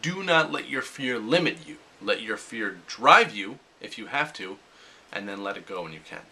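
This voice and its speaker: Young man, bright forceful tone, chatty self-help vlogger who acts out quoted thoughts. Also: lowish voice, lively intonation, normal speed. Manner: casual, acts out quoted inner voices. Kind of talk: motivational vlog talk.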